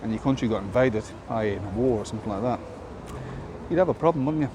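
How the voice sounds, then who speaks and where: A man's voice: medium pitch, fast. A man vlogging outdoors on a town walk, rambling and opinionated, full of rhetorical questions. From Britain. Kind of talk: casual walking monologue. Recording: outdoor street noise.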